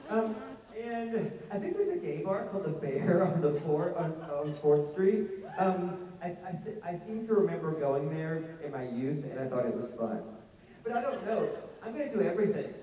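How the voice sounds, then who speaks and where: A man with a Southern accent and a fairly high voice rambles through funny stories at a fan convention panel. He is self-mocking and full of animated asides. He is heard from a distance in a vast, echoing hall. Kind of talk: casual storytelling to an audience. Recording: echoey hall, heard from far off.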